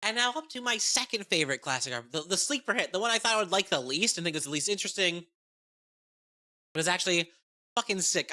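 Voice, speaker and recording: A woman chatting excitedly about a tabletop game, profane and rambling, often restarting her sentences. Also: fairly low pitch. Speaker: game content creator. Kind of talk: casual tabletop game review.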